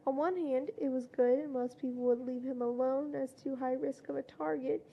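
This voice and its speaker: A woman reading a fanfiction story aloud in a plain storytelling way, with louder voices for quoted shouts. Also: sits high, fairly even intonation, moderate pace, creaky, lo-fi sound, slight background noise. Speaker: fanfiction reader.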